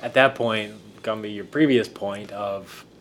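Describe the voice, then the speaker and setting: A man's voice: on the low side, steady tone, unhurried, a bit bright. A man taking part as a co-host in a casual group discussion, with wry, conversational remarks.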